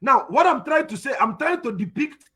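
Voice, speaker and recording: A man's voice: extremely high pitch, very animated, normal speed, sharp tone, slightly rough. A Nigerian man with an Igbo accent, a native Igbo speaker, teaching in a spoken lecture, emphatic and repeating his points with rhetorical questions.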